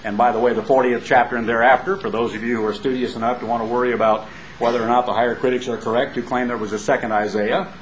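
A man's voice: medium pitch, flat delivery, fast, a little hiss or hum, rough recording. A man preaching a sermon in a folksy, emphatic way, building up with rhetorical questions and homespun asides.

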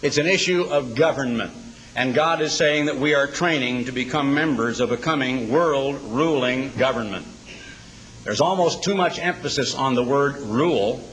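A man preaching a sermon in a dramatic style, slowing down to recite scripture. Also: medium pitch, fairly bright tone, poor audio.

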